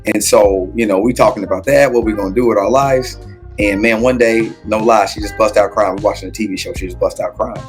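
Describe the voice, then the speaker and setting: A man in his thirties, an assistant basketball coach, telling stories casually and acting out quotes with big jumps in pitch. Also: fairly even intonation, brisk, soft background music. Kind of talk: casual storytelling interview.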